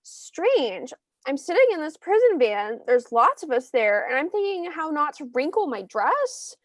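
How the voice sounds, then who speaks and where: Woman doing a dazed young observer girl, high voice, slow and halting, dry sound. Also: sing-song, dry recording. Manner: dazed, halting, broken phrases. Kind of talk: staged play reading.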